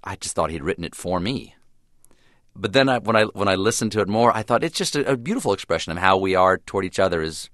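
Deep low-voiced guy, interview guest, thinking out loud, trails off and restarts, dead dry studio sound. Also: lively intonation, dry recording. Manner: thoughtful, trailing off, with restarts and sudden fast bursts. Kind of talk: reflective radio interview.

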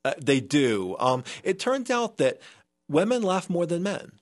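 A man's voice: a little high, big pitch swings, a little slow. A man speaking as a scientist guest in a remote radio interview. He explains earnestly and often restarts his sentences. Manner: earnest, with frequent restarts and fillers.

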